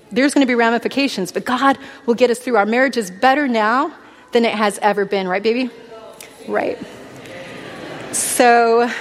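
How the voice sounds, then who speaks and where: A woman in her thirties preaches a personal testimony, earnest and heartfelt. Her voice sits a little high for a woman. A long hall reverb trails behind every phrase, as in a church sanctuary. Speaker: speaker at a church.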